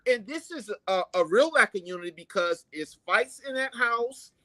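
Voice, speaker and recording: A man's voice: high voice, animated, normal speed, bright, forceful tone, dry recording. A man co-hosting a talk broadcast, speaking earnestly and calling his co-host brother. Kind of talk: casual talk show discussion.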